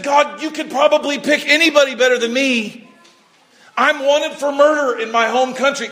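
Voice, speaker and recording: High-voiced male preacher, animated storyteller, sermon. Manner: animated storytelling, voices people, repeats words, shouts at peaks.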